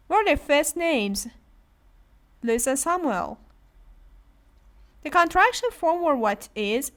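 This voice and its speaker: A woman with a Persian accent, teaching English to adult beginners, explaining slowly and checking in with "okay?". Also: on the high side, fairly bright tone. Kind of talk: classroom teaching.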